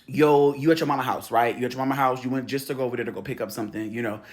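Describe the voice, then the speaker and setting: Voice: mid-range voice, steady tone, very fast. Brief: loose, profane spiritual coach with street slang, laughs a lot and acts out scenes. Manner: tells stories acting out quoted voices. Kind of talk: casual spiritual coaching talk.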